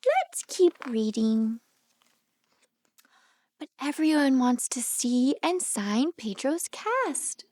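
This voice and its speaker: A female speech therapist reads a picture book aloud to small children, gently animated and asking them questions along the way. Her voice is high, recorded with clean studio sound and no echo.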